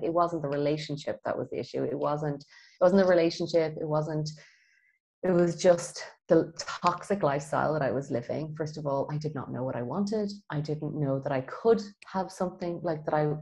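A woman with a low voice speaks as a podcast guest. She tells her story in an animated way and acts out the dialogue she quotes. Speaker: guest, feng shui expert. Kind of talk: casual podcast interview.

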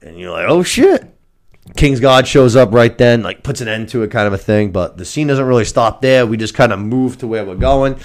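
A man co-hosting a podcast, recapping a TV episode in a casual, animated and profane way. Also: medium pitch, fairly quick, few pauses. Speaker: podcast co-host.

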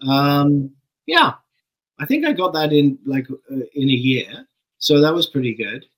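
A middle-aged man from England, a guest actor, telling stories in a casual interview in a relaxed way and swearing offhandedly. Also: on the high side, unhurried, low-quality recording.

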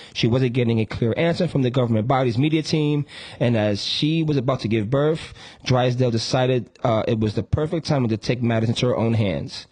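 A man's voice: mid-range voice, a little mellow, husky. A man co-hosting a casual podcast, laughing often and stumbling over restarts as he reads stories aloud. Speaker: podcast co-host. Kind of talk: casual chat.

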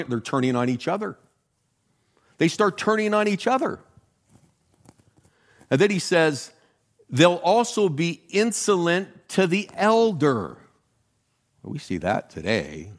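Animated older male pastor preaching. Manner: animated, jokey, leaps in pitch for emphasis. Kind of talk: sermon.

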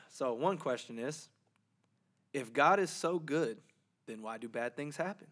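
A man's voice: fairly high pitch, animated, a little slow, fairly bright tone. A man co-hosting a podcast in a casual, joking chat, full of slang and repetition. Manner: loose and joking, slangy, repeats himself. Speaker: podcast co-host.

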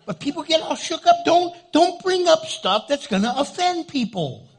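A man preaching a sermon as a pastor, from New Mexico, joking with the congregation and doing quick funny voices. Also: extremely high pitch, big pitch swings.

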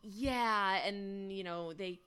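Woman, from the US, podcast co-host, middle pitch, chatty storytelling, jokey asides. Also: slow pace, sharp tone, clean tone. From United States. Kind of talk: casual chat.

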